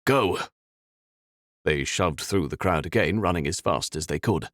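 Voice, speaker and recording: A man reading a fantasy audiobook in an expressive, dramatic way. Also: rumbling low, normal speed, no room sound, clean studio sound. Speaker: audiobook narrator. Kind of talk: scripted fantasy narration.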